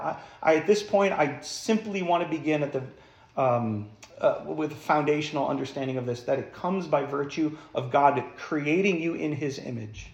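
A man's voice: medium pitch, reverberant. A man preaching a sermon as pastor, emphatic, putting rhetorical questions to the congregation.

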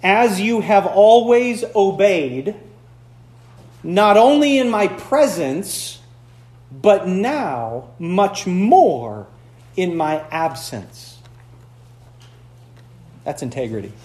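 High-voiced pastor in an echoey church. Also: male voice, sing-song, drawn-out words, long pauses, a little mellow. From Upper Peninsula of Michigan. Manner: conversational preaching with playful asides and impressions. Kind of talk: sermon.

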